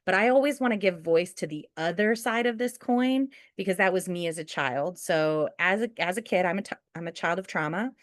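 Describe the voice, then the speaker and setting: A woman with a lowish voice runs a chatty training session for school staff. She often checks in with a quick "right?" and acts out what people say. The sound is dry and close, with no room echo. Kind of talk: conversational webinar training talk.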